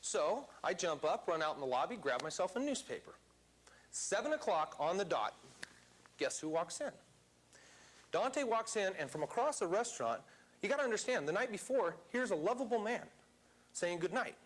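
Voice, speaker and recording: A man telling a story to a live seminar audience, animated and theatrical. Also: sits high, moderate pace, slight background noise. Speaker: seminar speaker.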